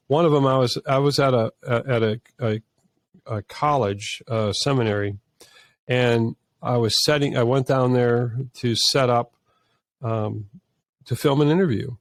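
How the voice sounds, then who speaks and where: A man's voice: mid-range voice, moderate pace, no room sound. A man, a filmmaker guest on an interview podcast, telling stories earnestly with many restarts and false starts. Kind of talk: conversational storytelling.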